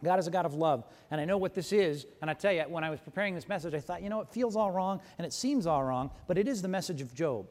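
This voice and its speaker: A man with a high voice preaches a sermon, animated and emphatic, pausing now and then to correct himself. His voice rings with a long reverb, like a big church hall. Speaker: pastor.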